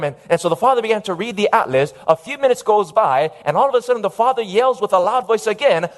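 A male preacher telling a story in a sermon, animated and calling out to his listeners. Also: high voice, fast talker, hardly any pauses. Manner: animated storytelling, calls for amen.

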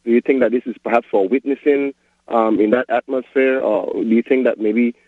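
A man calling in to a radio show, asking a question in a halting way. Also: mid-range voice, steady tone, no echo. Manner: hesitant, halting with ums. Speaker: caller. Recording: tinny phone line, dry.

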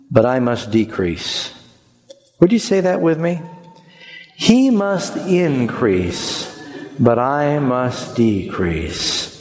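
A man's voice: on the high side, a little mellow. A man preaching a sermon with emphasis, leading the congregation in repeating phrases. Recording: long hall reverb.

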